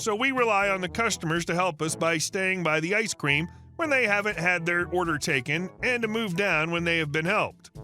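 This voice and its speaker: Bright high-voiced male story narrator. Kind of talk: scripted narration of online stories.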